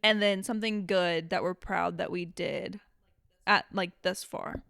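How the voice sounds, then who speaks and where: Energetic woman with a smooth, dry voice. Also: on the low side, unhurried, no echo. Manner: energetic, laughing, playful. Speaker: podcast co-host. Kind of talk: casual chat.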